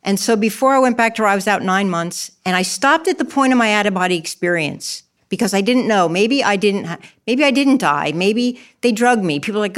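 A woman's voice: medium pitch, animated, fairly quick, a bit bright. A middle-aged woman giving a candid personal testimony in an interview, emotional and acting out her own past words. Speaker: guest telling her testimony. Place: church.

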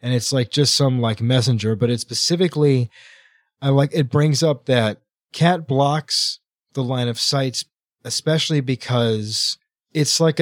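A man's voice: medium pitch, no echo, clean studio sound. Rambling man recapping a book. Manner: rambling recap full of "like" and "right?". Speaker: podcast co-host. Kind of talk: casual book-club chat.

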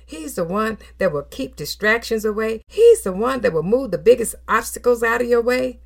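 A middle-aged woman preaching a sermon, emphatic and animated, moving through numbered points with scripture quotes and affirming hums. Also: a little high, normal speed, creaky. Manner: affirming hums and soft laughs between phrases.

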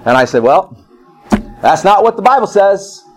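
A man's voice: sits high, big pitch swings, normal speed, a little mellow, faint music behind, low-quality recording. A middle-aged male pastor preaching a sermon, repeating phrases and telling personal stories.

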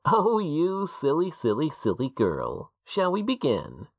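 A man putting on a high, gloating costumed cult leader. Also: huge pitch swings, no echo, studio quality, heavily acted. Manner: mocking, theatrical, drawn-out. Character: creepy male cult leader in a mascot costume, cruel and gloating.

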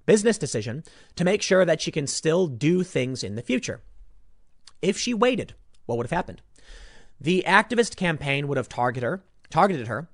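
Animated sarcastic male commentator. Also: fairly high pitch, dry recording, studio quality. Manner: sarcastic, mocking, swings between loud and muttered asides. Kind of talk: opinionated commentary vlog.

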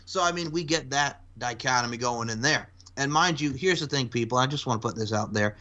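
A man's voice: mid-range voice, a little fast, sharp tone. A man in his twenties talking casually on a podcast, long-winded and swearing freely. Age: 20s. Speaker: podcast host.

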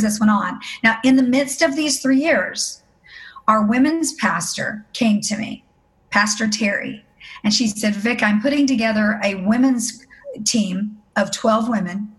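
A middle-aged woman tells a personal testimony as an interview guest. She speaks earnestly in a mid-pitched voice and acts out the voices of the people in her story.

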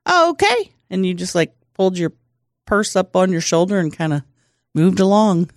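A woman's voice: fairly low pitch, steady tone, normal speed, a little mellow, no room sound, studio quality. A woman co-hosting a comedy podcast, teasing her partner and laughing easily in casual chat. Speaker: podcast co-host.

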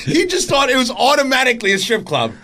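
A man in a casual podcast chat, telling profane stories with animated energy and jumping into loud voices when he quotes people. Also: extremely high pitch, fast.

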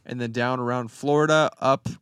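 Male podcast co-host, mid-pitched, sarcastic and teasing. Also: steady tone, moderate pace, fairly bright tone, clean tone, dry recording, studio quality. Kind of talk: casual chat.

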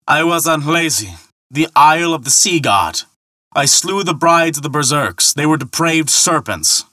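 A man voicing a boastful, hot-tempered male thunder god who talks in loud, indignant outbursts in a storybook telling. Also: a little high, lively intonation, measured pace, no echo, clean studio sound, voice pushed up.

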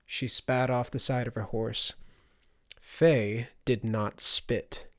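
A man narrating a fantasy audiobook in a measured, dramatic storytelling manner. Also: fairly low pitch, steady tone. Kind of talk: scripted narration.

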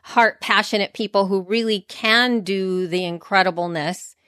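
A woman co-hosting a podcast chats casually and animatedly, running her thoughts together in long sentences. Her medium-pitched voice is fairly bright and clean at a normal speed, recorded with clean studio sound and no room tone.

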